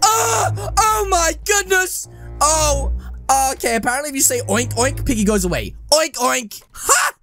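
High-pitched, excitable male gamer. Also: normal speed. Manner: excitable, jokey, bursts into yelps and shouts. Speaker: gaming YouTuber. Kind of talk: energetic gameplay commentary. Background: game music.

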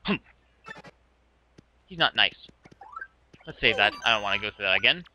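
Bright-voiced man joking over gameplay. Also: lowish voice, expressive, moderate pace, a little hiss or hum, low-quality recording. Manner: dry, joking asides. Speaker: let's play host. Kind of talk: casual gameplay commentary.

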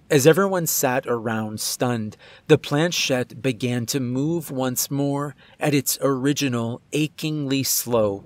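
A man reading a scripted first-person horror story in a measured, suspenseful way. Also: mid-range voice.

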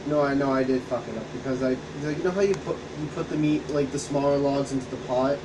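A man's voice: mid-range voice, fast. A man co-hosting a game stream, telling rambling, profane stories in casual chat. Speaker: co-host of a gaming channel. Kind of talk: casual chat over gameplay. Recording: distant mic with background hum.

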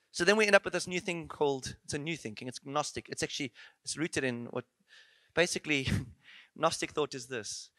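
Bright-voiced animated male preacher. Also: a little high, dry recording. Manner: animated, rhetorical questions, playful asides. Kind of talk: conference sermon. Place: church.

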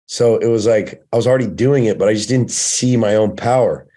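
A firefighter turned coach in his thirties talks candidly on a podcast about his story, swearing freely in casual conversation. His voice is fairly low and warm, a bit fast, with few pauses.

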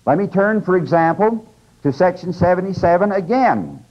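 A man's voice: high voice, animated, normal speed, darkish tone. Older man lecturing on scripture, lo-fi. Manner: conversational, emphatic teaching with asides. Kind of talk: religious lecture. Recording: dull lo-fi lecture tape.

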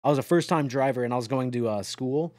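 A man's voice: mid-range voice, quick pace, a little mellow, dry recording, studio quality. A young man streaming a trucking game, chatting with his viewers in a rambling, joking way and swearing often. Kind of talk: casual live-stream chatter while playing a trucking game.

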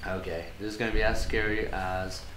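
A man's voice: on the low side, steady tone, fairly quick, reverberant, noisy background. A man giving let's-play commentary on a horror game, jumpy and swearing, talking to himself as he plays. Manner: jumpy, swearing, talks to himself while playing. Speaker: gaming channel host.

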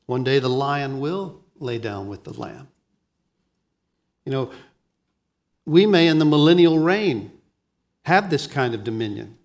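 A pastor preaching a sermon, moving between hushed lines and emphatic ones and often repeating words as he starts a thought. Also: medium pitch, very animated, unhurried, pauses often.

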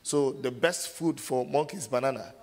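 A man preaching a sermon as pastor, asking the congregation to finish verses and acting out scenes with loud shouts. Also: medium pitch, normal speed. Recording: long hall reverb.

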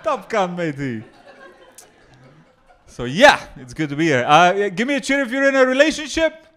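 Macedonian man doing lively stand-up. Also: high-pitched, moderate pace. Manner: deadpan jokes with lively crowd work. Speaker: stand-up comedian. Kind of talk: stand-up comedy set. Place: comedy club before a live audience.

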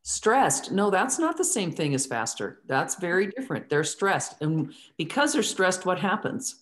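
A woman's voice: on the low side, sing-song, unhurried. A woman teaching a theatre class in a lecture style, asking the students many questions and drawing words out for emphasis. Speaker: theatre instructor.

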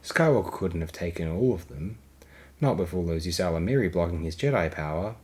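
A man plays a dutiful middle-aged starship captain reporting to his superior. He speaks formally, pitched a touch above his low narrating voice. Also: lively intonation, brisk, a little mellow.

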